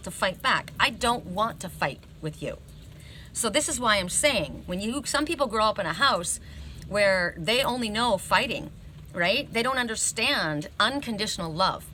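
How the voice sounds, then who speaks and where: Bright, emphatic woman telling a story. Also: medium pitch, slight background noise. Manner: emphatic, chatty, keeps checking in with "right?". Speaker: oracle card reader. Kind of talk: casual personal storytelling.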